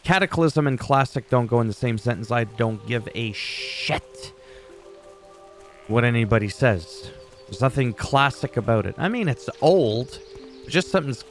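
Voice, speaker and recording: Profane gamer ranting. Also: male voice, medium pitch. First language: French. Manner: ranty, profane, opinionated. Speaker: gaming YouTuber. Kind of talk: casual gameplay commentary.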